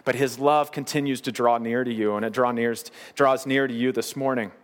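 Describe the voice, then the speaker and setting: A man preaching a sermon as pastor, earnest, slowing down on the key phrases. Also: mid-range voice, steady tone, long reverb tail.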